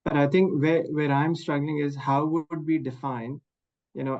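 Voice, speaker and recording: A man's voice: mid-range voice, level tone, moderate pace, darkish tone, highs cut off. A man student asking puzzled questions in a class discussion.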